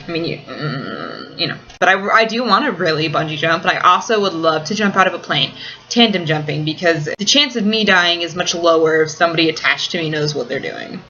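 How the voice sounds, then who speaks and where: Bright-voiced rambling young-sounding woman vlogger. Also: deep voice, expressive, a little fast, muffled recording. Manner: rambling, heavy use of "like". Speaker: vlogger answering viewer questions. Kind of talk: casual chat. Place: small apartment kitchen.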